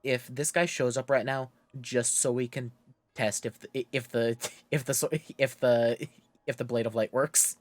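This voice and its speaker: A man streaming a game, chatting casually and joking in an excitable way. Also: mid-range voice, measured pace, dry recording. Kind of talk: casual gameplay chat.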